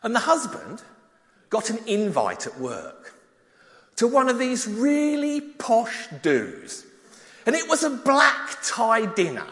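A man preaching, telling a story with props and then reading a psalm, animated and at times dropping soft. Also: extremely high pitch, slow. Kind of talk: children's talk and Bible reading. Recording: long hall reverb.

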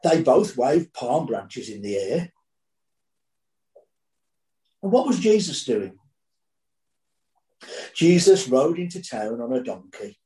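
Slow, dramatic male preacher. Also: mid-range voice, very animated, dark tone, reverberant, low-quality recording. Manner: dramatic storytelling, building and dropping intensity. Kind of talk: sermon.

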